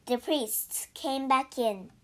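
A woman reading a storybook aloud slowly and clearly for English learners. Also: high voice. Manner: slow, clear, deliberate.

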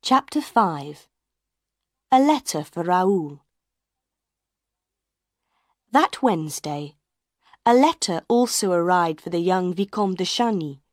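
A woman narrating an audiobook in a slow, clear, simple delivery. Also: fairly low pitch, expressive, no echo, clean studio sound.

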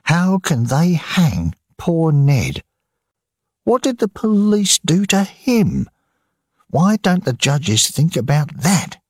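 A man's voice: a little high, big pitch swings, takes it slowly, a little mellow, breathy edge, no room sound, studio quality, pitched above the performer's own voice, exaggerated voice. A man voicing an angry young woman, the outlaw's sister, in an audiobook reading, asking indignant pleading questions.

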